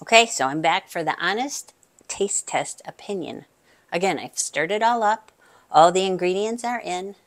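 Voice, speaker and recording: Woman cooking-channel host, slightly low voice, casual kitchen demo, friendly, talks to camera, murmurs "mm" while tasting. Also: lively intonation, normal speed. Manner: chatty, talks straight to viewers; savoring, with appreciative murmurs.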